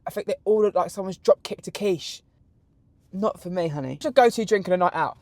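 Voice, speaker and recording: A young British man in his twenties hosting a solo podcast, telling crude, camp stories in an animated way. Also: sits high, brisk, no room sound, clean studio sound. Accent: British English. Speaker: podcast host. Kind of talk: solo podcast answering questions.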